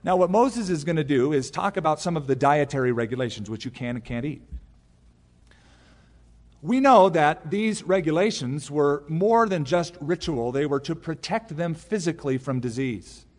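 A man preaching in a large church sanctuary, teaching through scripture verse by verse. He talks in a relaxed, conversational way and drops in personal stories. His voice sits a little high, and it carries a long echo around the hall. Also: moderate pace. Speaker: pastor. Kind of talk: expository sermon.

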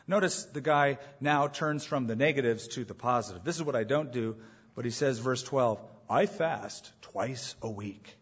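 A man's voice: mid-range voice, normal speed, husky. A man preaching a sermon as pastor, emphatic, repeating his main points and asking rhetorical questions, on a dull lo-fi recording.

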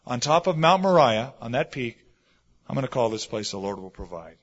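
A middle-aged man preaching a sermon, telling stories and swinging between loud stresses and hushed asides. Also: medium pitch, very animated, normal speed. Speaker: pastor. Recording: dull lo-fi sermon recording.

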